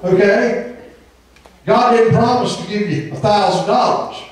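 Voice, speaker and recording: A man's voice: high voice, a little slow. A man, preaching a fervent sermon full of amens and occasionally singing a phrase. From Southern Indiana. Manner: fervent, emphatic preaching with frequent amens, breaking into sung phrases. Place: church sanctuary. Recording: echoey church hall from far off.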